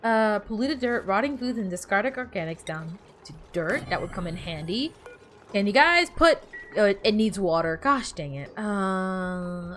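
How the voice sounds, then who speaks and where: A woman's voice: medium pitch, very animated, unhurried, faint music behind. A woman streamer chatting casually while playing, rambling and bossing her game characters around. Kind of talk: casual gameplay chat.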